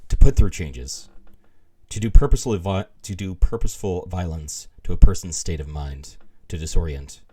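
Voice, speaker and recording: A man's voice: sits low, animated, normal speed, mellow, husky. A man reading glossary entries aloud on a live stream, adding wry, amused asides.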